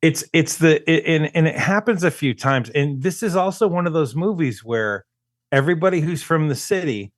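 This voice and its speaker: A podcast co-host chats casually about a movie, picking it apart with plenty of stammering restarts. His voice is slightly high and animated, at a normal pace. The recording is dry and studio-clean.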